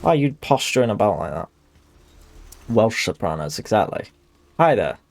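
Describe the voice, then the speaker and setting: A man's voice: lowish voice, very animated, normal speed, vocal fry. A young adult man, streaming a game and chatting in a rambling, self-deprecating way. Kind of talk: casual chat while gaming.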